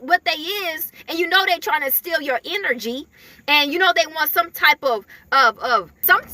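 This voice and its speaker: A woman's voice: very high-pitched, sharp tone. A woman giving casual spiritual messages in a chatty way, full of fillers, often laughing. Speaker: spiritual messenger.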